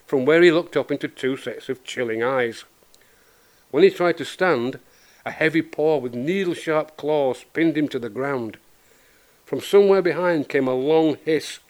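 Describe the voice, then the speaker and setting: Guy reading his own kids book out loud, lots of expression. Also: fairly high pitch. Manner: expressive storytelling. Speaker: author.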